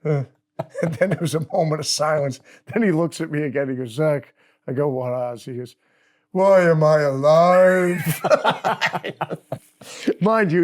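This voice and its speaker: A middle-aged man, telling a funny anecdote in a casual interview and laughing often. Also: fairly high pitch. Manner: laughing, animated anecdote teller. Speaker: guest guitarist. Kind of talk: casual storytelling.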